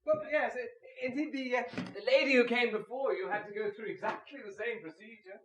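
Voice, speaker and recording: A man's voice: very high voice, a little fast, fairly bright tone. A man acting an officious island official in a stage comedy. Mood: stern. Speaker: amateur stage actor. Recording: roomy stage sound from far off, faint noise.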